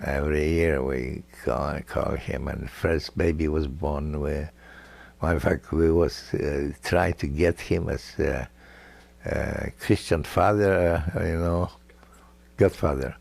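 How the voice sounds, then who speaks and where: An older man telling family stories in a halting, chuckling way, with many fillers and broken, non-native grammar. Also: very deep voice, fairly even intonation, gravelly, a little mellow. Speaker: grandfather recounting family history. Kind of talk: casual personal storytelling.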